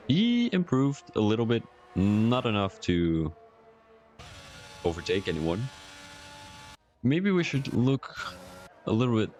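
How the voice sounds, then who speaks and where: With a little hiss or hum in the background, a man speaks in a fairly low, darkish voice. He's commentating a sim racing league live, rambling and chatty, talking to his chat and making self-deprecating jokes.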